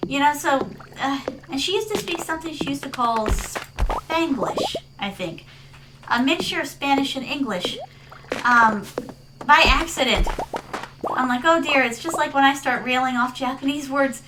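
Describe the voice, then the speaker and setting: A woman's voice: sits high, moderate pace. A woman streaming a video game, chatting casually with viewers, dropping in Japanese words and calling them "my darling". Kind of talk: casual live-stream gameplay chat. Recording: steady background noise.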